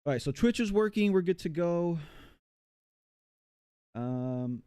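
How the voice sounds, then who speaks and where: A man's voice: high voice, lively intonation, slow, warm tone, clean tone, dry recording, clean studio sound. A man from the United States chatting casually on a live game stream, rambling and reading chat aloud with many fillers.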